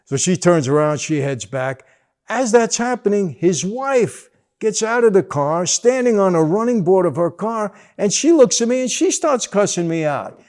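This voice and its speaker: An older man telling a personal story in a casual, animated way, acting out the dialogue. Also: high-pitched, moderate pace. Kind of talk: casual anecdote.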